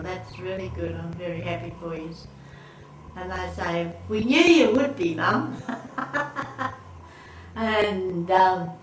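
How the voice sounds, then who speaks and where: A woman's voice: lowish voice, bright, forceful tone. Giggly older woman in an echoey room. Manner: rambling, giggly, with many restarts. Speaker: interviewee. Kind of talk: casual family storytelling. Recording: echoey room, recorded from far off, faint background noise.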